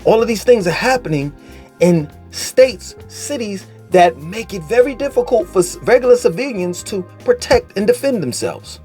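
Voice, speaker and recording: A man vlogging a casual commentary rant, animated, profane and mocking in tone. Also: high-pitched, normal speed, soft background music.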